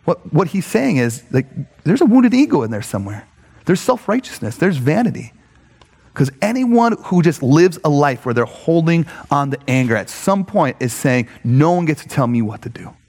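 Pastor type, male, lively casual sermon voice, a bit high, long hall reverb. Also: moderate pace, slightly rough. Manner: animated, filler-heavy, asks "right?" often. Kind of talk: conversational sermon.

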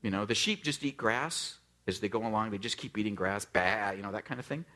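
A man in his forties, from the US West Coast, preaching a sermon in a relaxed, joking, story-driven way, with lots of fillers and acted-out quotes. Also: on the low side, a little fast. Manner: conversational, jokey storytelling with many fillers; acts out quoted voices, drops to a hush for emphasis. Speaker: pastor.

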